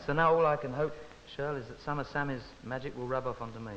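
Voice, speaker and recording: An entertainer doing comic stage banter with a cheeky, mock-earnest patter. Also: male voice, medium pitch, quick pace, a bit bright, a little hiss or hum. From Britain. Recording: lo-fi recording, long reverb, music behind.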